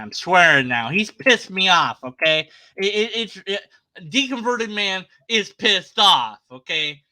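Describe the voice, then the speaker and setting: A man's voice: on the high side, sharp tone, dry recording, rough recording. A man ranting sarcastically in a reaction commentary, exasperated and swearing, sometimes trailing off into muttered asides. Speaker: video commentator.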